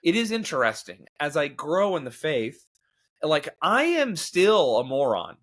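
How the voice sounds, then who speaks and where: A man's voice: fairly high pitch, very animated, measured pace. A man hosting his own show, talking candidly and a bit ramblingly about grief and faith, self-deprecating, with lots of fillers and restarts. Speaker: podcast host.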